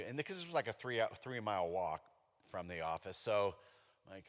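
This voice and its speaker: A middle-aged male pastor preaching a sermon in a chatty storytelling way, with sudden animated outbursts. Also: medium pitch, normal speed. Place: church sanctuary. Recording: long reverb of a church hall.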